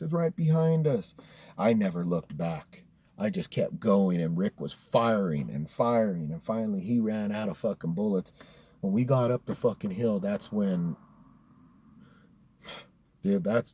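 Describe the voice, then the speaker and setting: Man, low voice, husky, casual profane storytelling, laid-back. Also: mellow.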